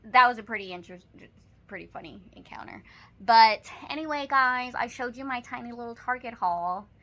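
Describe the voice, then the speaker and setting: A woman's voice: on the high side, moderate pace, a bit bright. A young woman with a Texan accent, casually chatting to camera about a shopping haul and telling stories in her apartment, with lots of "like" fillers. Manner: chatty, storytelling, says "like" often. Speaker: vlogger. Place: apartment, indoors.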